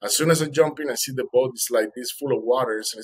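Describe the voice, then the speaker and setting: Husky man telling a dramatic personal story. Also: mid-range voice, fast, rough recording. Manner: vivid, acts out quoted voices. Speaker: interview guest. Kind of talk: emotional first-person storytelling.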